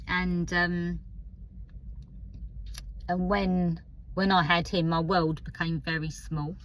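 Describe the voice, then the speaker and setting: A woman in her fifties with an Essex accent talks slowly and openly to the camera, pausing often and filling gaps with soft fillers. Her voice sits on the lower side, and a faint nervousness runs under her unhurried, reflective delivery. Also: low-quality recording. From Essex, England. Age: 50s. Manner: hesitant, candid, many pauses and fillers. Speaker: vlogger. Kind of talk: personal reflective vlog.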